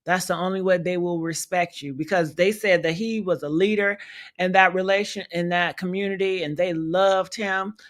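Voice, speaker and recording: A woman's voice: on the low side, steady tone, normal speed. A woman hosting a livestream, giving blunt, profane commentary and talking to her chat. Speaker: livestream host.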